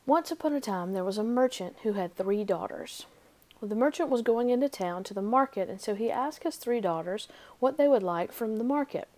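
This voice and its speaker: A woman's voice: on the high side, brisk. Woman reading a fairy tale aloud. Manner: lively, expressive storytelling. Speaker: storybook reader.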